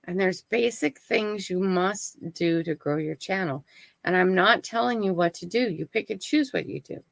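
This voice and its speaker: A woman's voice: fairly low pitch, moderate pace, creaky, no room sound, poor audio. An older woman hosting her own live stream, chatting casually to viewers and often checking in with "right?" and "okay?". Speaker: channel host.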